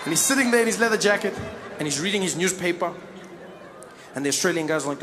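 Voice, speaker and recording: A South African man with a South African accent, telling an animated stand-up story and acting out the scenes. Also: high voice, quick pace, pauses often. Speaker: stand-up comedian. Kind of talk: stand-up comedy. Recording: live stage mic with audience noise.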